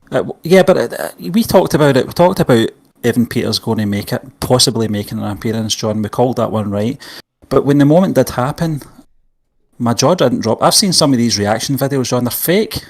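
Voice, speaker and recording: A man's voice: mid-range voice, expressive, brisk. Blunt, jokey male podcast co-host. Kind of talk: casual film review chat.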